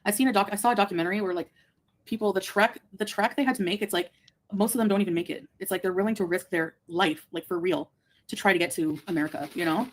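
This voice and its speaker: A woman's voice: mid-range voice, fast talker. A woman co-hosting a casual livestream, reading viewer comments aloud and chuckling. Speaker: livestream co-host.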